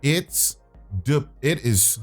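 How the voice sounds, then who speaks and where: A man's voice: on the high side, very slow, faint music behind. A man hosting a casual chat, telling stories about his phone customer service job and slipping into mock voices. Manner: animated storyteller, slips into mock voices of callers. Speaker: podcast host.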